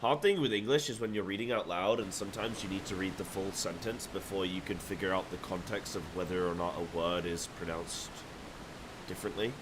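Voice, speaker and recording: A man's voice: deep voice, a little fast, noisy background. A male streamer chatting casually while playing, musing aloud and restarting words as he reads. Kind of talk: casual game-stream commentary.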